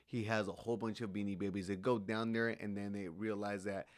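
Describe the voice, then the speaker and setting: A man's voice: fairly low pitch, steady tone, a little fast, dry recording, clean studio sound. A man giving a casual, rambling recap of a TV episode, with many fillers and restarts. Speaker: show recap host.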